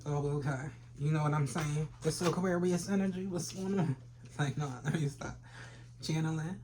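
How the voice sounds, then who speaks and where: A tarot reader talks over an audible layer of background noise and clicks. The delivery is loose and profane, full of trash talk aimed straight at viewers. The voice sits at a middle pitch. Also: normal speed. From Philadelphia. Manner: brash and profane, trash-talking with sudden laughs. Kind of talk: casual tarot reading for viewers.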